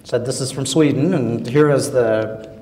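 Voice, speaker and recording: A man telling a story as a guest on a public panel, wry and halting, with plenty of fillers. He sounds set back from the microphone. The long tail of a large hall carries his voice. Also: medium pitch, warm tone. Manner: wry, hesitant with many fillers. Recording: echoey hall, voice from far off.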